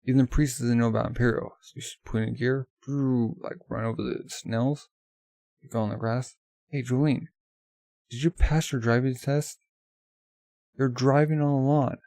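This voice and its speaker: A man's voice: mid-range voice, steady tone, normal speed, creaky, warm tone, no room sound. A man casually reading a manga aloud in a loose, offhand way full of fillers. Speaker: manga reader.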